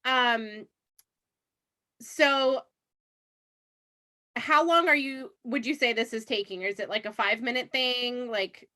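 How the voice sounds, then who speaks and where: A woman host talking casually on a call, her voice bright and slightly high. She asks questions and rambles through how she does things in a relaxed, easygoing way. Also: takes it slowly, long pauses.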